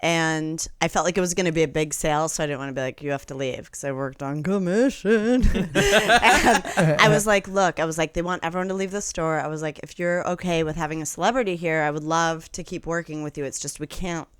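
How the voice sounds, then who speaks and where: A woman's voice: sits low, fairly quick, hardly any pauses, clear, resonant tone, dry recording, clean studio sound. A young woman telling a funny story on a casual podcast, acting out other people's lines and laughing as she goes. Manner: animated, acts out quoted voices, laughs often. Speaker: guest comedian.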